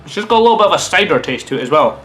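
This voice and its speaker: Lively man chatting through a taste test. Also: a little high, rapid-fire, faint music behind. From Scotland. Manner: chatty and animated, muses aloud while eating. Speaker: vlogger. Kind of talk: casual taste-test review.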